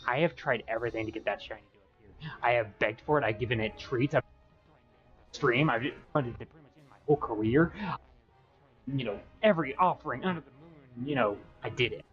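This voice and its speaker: A young man streaming a game at home, chatting in a rambling, excitable way with bursts of high-pitched yelling. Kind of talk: casual live-stream chat. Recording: dull lo-fi stream audio with faint music.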